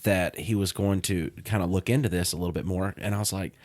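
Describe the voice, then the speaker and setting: A man co-hosting a casual podcast, talking in an animated way that jumps up when excited. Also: low voice, quick pace, dry recording. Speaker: podcast co-host. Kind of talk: casual chat.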